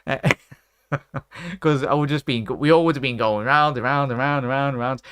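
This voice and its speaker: A man hosting a casual live fan stream, rambling, giving shout-outs to viewers and ranting in frustration. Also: medium pitch, normal speed, background noise. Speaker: host of a fan watchalong stream.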